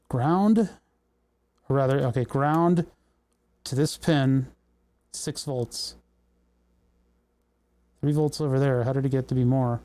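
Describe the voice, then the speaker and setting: In a mid-range voice with a dark tone, a young livestream host tinkers with electronics, speaking slowly with long pauses. He mutters and swears whenever things go wrong during the casual stream.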